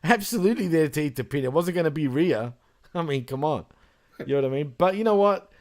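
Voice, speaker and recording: A man's voice: fairly high pitch, animated, quick pace, a little mellow. A man hosting a casual wrestling podcast, laughing often, swearing and enthusiastic. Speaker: podcast host.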